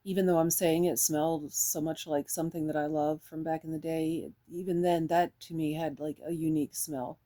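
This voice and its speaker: A woman's voice: low voice, little pitch movement, normal speed, few pauses, warm tone. A woman chatting casually in a fragrance review, rambling and enthusiastic, with lots of fillers.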